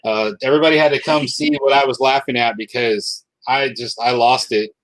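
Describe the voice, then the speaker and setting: A man from South Dakota hosting a casual livestream chat, upbeat and quick to laugh. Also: medium pitch, fairly even intonation, no room sound, low-quality recording. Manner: laughs often, chatty and upbeat. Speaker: host.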